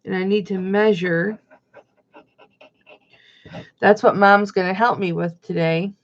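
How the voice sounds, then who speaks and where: Over dull, lo-fi audio, a middle-aged livestream host chats casually and reads viewer comments aloud. Her mid-range voice keeps a steady tone, and she takes her time.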